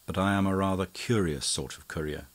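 A man voicing a flamboyant young male schemer who declaims gravely. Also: deep voice, brisk, natural voice. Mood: sly.

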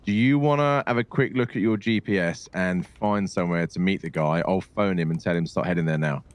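A man's voice: low-pitched, brisk. A man, bantering and arguing playfully with a fellow player in a roleplay game. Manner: argumentative, animated, teasing. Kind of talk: casual gaming banter.

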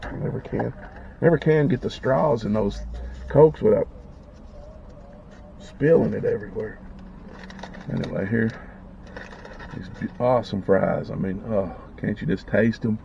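A man's voice: fairly low pitch, a little slow, creaky, long pauses, dark tone, a little hiss or hum. A man vlogging casually as he eats, savoring each bite and talking with his mouth full, on a dull lo-fi recording. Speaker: food vlogger. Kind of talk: casual eating vlog.

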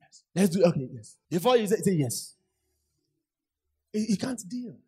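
Male pastor, husky, fairly high voice, emphatic sermon with call-and-response. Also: big pitch swings, normal speed, darkish tone. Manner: emphatic preaching with repeated lines and call-and-response questions. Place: church hall.

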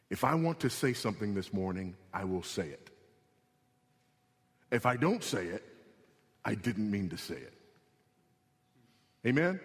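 A man preaching a sermon as pastor, emphatic, rising in pitch and slowing for stress. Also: in a large hall. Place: church sanctuary.

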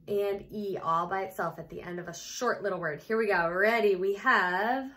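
A woman teacher giving a phonics lesson to young children, sounding out letters and syllables with patient, gentle prompting. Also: medium pitch, normal speed.

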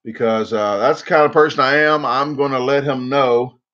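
A man's voice: medium pitch, fairly even intonation, normal speed, a bit bright, lo-fi sound. A man hosting a casual livestream, rambling and joking, repeating words for laughs. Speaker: livestream host.

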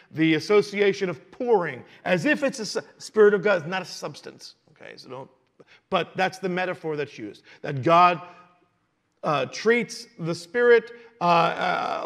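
A man teaching a verse-by-verse sermon to a congregation, conversational and animated, asking rhetorical questions and dropping into quiet asides. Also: high-pitched. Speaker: Messianic Jewish teacher. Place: congregation hall.

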